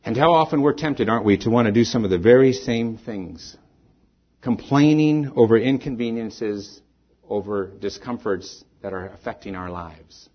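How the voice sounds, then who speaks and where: A middle-aged man preaches a sermon in church, with a husky voice. His delivery swings from loud peaks down to quiet, fading ends. The recording sounds dull and lo-fi. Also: mid-range voice, moderate pace. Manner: dynamic preaching, rising then falling away to soft endings. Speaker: pastor.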